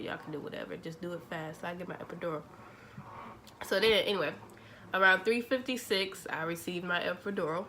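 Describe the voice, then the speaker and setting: A young woman, telling a story to her vlog audience in a chatty, animated way, acting out the dialogue. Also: medium pitch, a little hiss or hum. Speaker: vlogger. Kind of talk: casual storytelling.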